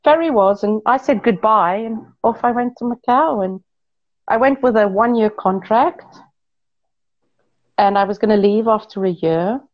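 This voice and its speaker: A woman from Portugal tells a long personal story in relaxed, chatty conversation, restarting sentences and addressing her listeners directly. Her voice sits at an ordinary middle pitch, and the recording is a bit dull and muffled. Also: measured pace. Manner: chatty, animated, frequent self-corrections and asides to listeners. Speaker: guest telling her life story. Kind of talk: casual storytelling chat.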